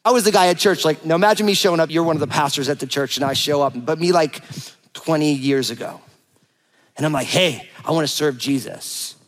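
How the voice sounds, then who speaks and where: A man's voice: a little high, fast talker. A man in his forties, a pastor preaching a sermon, telling a personal story with humor and acting out the dialogue. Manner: animated, playful, acts out quoted dialogue.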